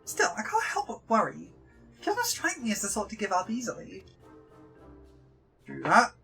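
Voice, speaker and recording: An actor with a Yorkshire accent playing a worried middle-aged tavern keeper in a game, plain-spoken and earnest. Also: male voice, sits high, wildly swooping pitch, moderate pace, gravelly, sharp tone, faint music behind, heavily acted. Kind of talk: game voice acting.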